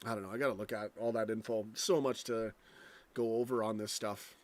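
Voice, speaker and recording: A man's voice: on the low side, steady tone, a little fast. A young American man hosting a casual late-night livestream from home, rambling and profane, restarting his sentences often. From United States. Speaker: live stream host. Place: home, indoors.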